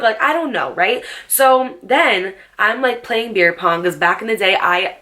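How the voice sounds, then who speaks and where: Sassy, bright-voiced woman telling a story. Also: medium pitch, moderate pace. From New Jersey. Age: late 20s. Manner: animated, sassy, swears freely. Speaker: storytime vlogger. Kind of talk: casual storytelling to camera.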